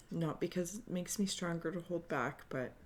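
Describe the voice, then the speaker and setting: A woman giving a spiritual reading, speaking softly and earnestly in halting, searching phrases that she often restarts. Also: fairly low pitch. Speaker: spiritual reader. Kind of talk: improvised intuitive reading to camera.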